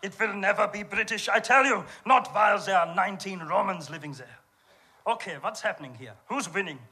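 An actor playing a bullying German centurion captain with a put-on German accent, barking orders in a stage comedy sketch. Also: male voice, high voice, a little fast, pushed and bright, slightly rough, exaggerated voice. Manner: barking, menacing.

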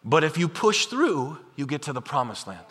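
Male preacher with a high, bright voice, lively and chatty delivery, long hall reverb. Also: moderate pace. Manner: animated, conversational, acts out imagined voices. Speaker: pastor. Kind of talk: sermon.

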